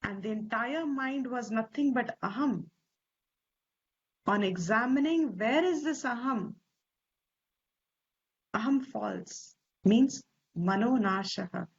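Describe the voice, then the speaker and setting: A woman teacher with an Indian English accent, explaining scripture slowly and deliberately, stressing Sanskrit terms and posing rhetorical questions. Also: a little high, lively intonation, slightly rough. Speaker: Vedanta teacher. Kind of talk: slow scriptural class explanation. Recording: slightly dull lo-fi recording.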